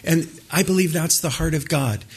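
A man's voice: a little high, moderate pace, husky. Man preaching an emphatic sermon. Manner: asks the audience questions, emphatic. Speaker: pastor.

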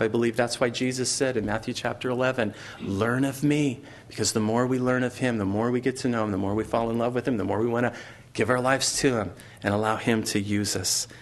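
A pastor preaching a sermon in a conversational way, with fillers, repeated words and storytelling. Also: male voice, medium pitch.

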